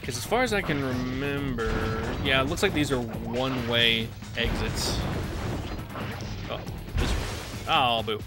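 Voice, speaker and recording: Over game music, a man streams a video game with casual, rambling commentary, correcting himself often and laughing a lot. His medium-pitched voice moves a little slowly with frequent pauses.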